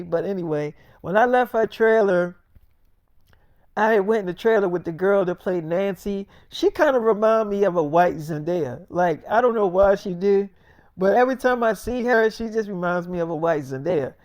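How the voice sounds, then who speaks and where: A man's voice: high voice, normal speed, a little mellow, no room sound, clean studio sound. A man telling a crude comic story in a casual, rambling way. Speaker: comedian.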